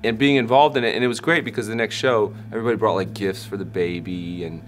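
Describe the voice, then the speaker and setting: A man in his thirties, a Christian hip hop artist, telling a personal story in an interview with animated shifts as he acts out what people said. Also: lowish voice, fast talker, soft background music. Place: backstage at a concert.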